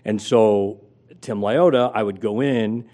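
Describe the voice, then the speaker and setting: A man's voice: lowish voice, slow pace, mellow. A middle-aged man telling a career story as an interview guest, acting out quotes with big jumps in his voice. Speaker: guest, former sports radio host.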